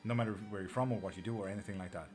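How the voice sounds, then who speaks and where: A man's voice: fairly low pitch, fairly even intonation, racing, soft background music. A man with an Irish-sounding accent and a slight twang, hosting a live tarot stream in casual chat, blunt and swearing freely as he answers viewers.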